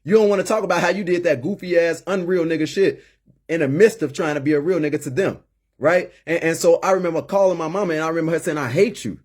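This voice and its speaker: A man's voice: on the high side, fairly even intonation, fast, darkish tone. A man in his late thirties, a former inmate turned community mentor, giving an impassioned personal monologue with emphatic, preachy repetition. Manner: emphatic and preachy, repeating words as he builds.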